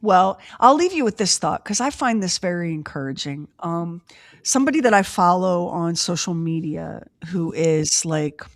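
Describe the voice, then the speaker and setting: A woman's voice: on the low side, expressive, moderate pace, no room sound, clean studio sound. A woman hosting a podcast, chatting casually in a wry, drawling way. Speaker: podcast host. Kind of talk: casual chat.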